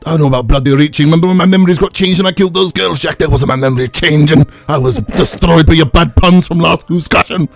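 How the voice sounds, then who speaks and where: A man's voice: on the high side, quick pace, gravelly, hardly any pauses, dry recording, faint music behind. A man voicing a fretful young Welsh teammate in a mock-earnest, slightly raised voice while retelling an episode. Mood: mock-aggrieved.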